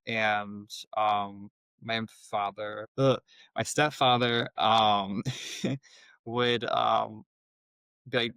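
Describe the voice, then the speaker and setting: A young man speaking as an interview guest, telling a personal story in a halting way with many filler words. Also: fairly low pitch, steady tone, gravelly, sharp tone, clear, resonant tone, no echo, rough recording. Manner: halting, heavy use of "like" fillers.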